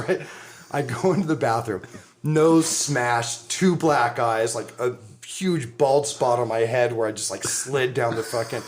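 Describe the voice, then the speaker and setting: A middle-aged man co-hosting a podcast, spinning a rowdy anecdote with lots of laughter and casual profanity. His voice sits at an ordinary middle pitch, and his delivery is loose and animated. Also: normal speed, a little hiss or hum. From Southern California. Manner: animated, laughs often, swears freely. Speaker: podcast co-host. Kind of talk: casual storytelling.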